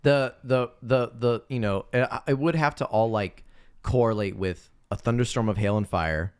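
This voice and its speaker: A man's voice: medium pitch, normal speed, a little mellow, clean tone, no room sound, studio quality. A man co-hosting a movie podcast, chatting casually and rambling with lots of fillers. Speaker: podcast co-host.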